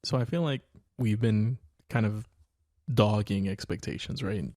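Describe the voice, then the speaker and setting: A father and podcast co-host thinks out loud in casual chat, hedging and laughing easily. His tone is mellow and relaxed. The sound is dry and close to the mic. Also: on the low side, measured pace, no room sound.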